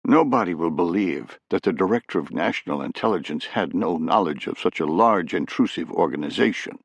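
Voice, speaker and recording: A man's voice: deep voice, lively intonation, brisk, no echo. A man voicing an outraged intelligence chief. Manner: indignant, swearing. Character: outraged male intelligence director, middle-aged.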